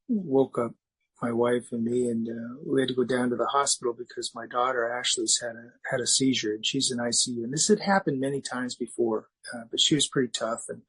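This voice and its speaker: Husky middle-aged man sharing his story. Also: medium pitch, fairly bright tone, rough recording. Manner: halting, candid storytelling with many restarts. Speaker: speaker sharing at a recovery meeting. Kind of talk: personal recovery share.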